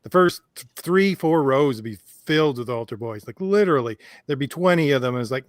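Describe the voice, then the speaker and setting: A man in casual podcast chat, relaxed and chuckling, trading quick stories. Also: mid-range voice, dry recording, clean studio sound.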